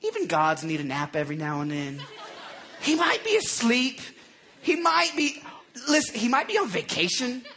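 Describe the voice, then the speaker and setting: A man's voice: high voice, sing-song, moderate pace, fairly bright tone, slight background noise. A man voicing a cocky male prophet who mocks and taunts his rivals. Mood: mocking. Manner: mocking, taunting.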